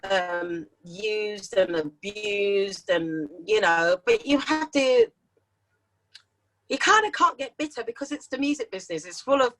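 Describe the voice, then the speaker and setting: A middle-aged woman with a London accent, a singer chatting as an interview guest, animated and acting out the voices in her stories. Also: a little high, normal speed, low-quality recording. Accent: London English. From London, England. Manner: animated storyteller who acts out quoted voices. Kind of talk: casual interview chat.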